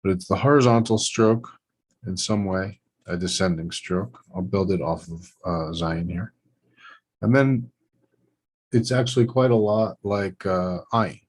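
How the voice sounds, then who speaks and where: A man with a deep, slightly husky voice leads a hands-on lettering lesson. He narrates each stroke as he draws, in short phrases that trail off and pick back up. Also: a little slow, poor audio. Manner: thinking aloud while drawing letters, short trailing phrases. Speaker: Hebrew lettering teacher. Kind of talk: relaxed instructional demonstration.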